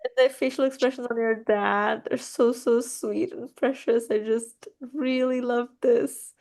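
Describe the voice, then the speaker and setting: Gushing woman giving warm feedback. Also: on the high side, fairly even intonation, unhurried. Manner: gushing, effusive praise. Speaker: workshop leader. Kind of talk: casual feedback. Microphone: video call.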